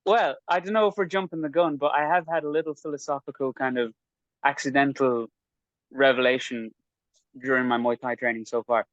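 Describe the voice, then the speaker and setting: A man's voice: mid-range voice, steady tone, a little fast, a bit bright, no room sound, dull audio. A man in casual podcast chat, telling a rambling, self-mocking story about his training. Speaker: podcast guest recounting training.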